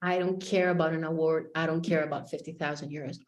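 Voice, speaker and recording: A woman's voice: low-pitched, steady tone, fast talker, pitched below the performer's own voice, natural voice. A woman doing a worn-out young shop owner. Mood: weary. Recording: roomy echo.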